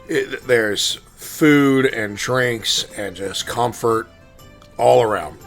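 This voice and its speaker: Male game master, middle-pitched, easygoing scene-setting narrator for a tabletop game. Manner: relaxed, descriptive, with many ums and restarts.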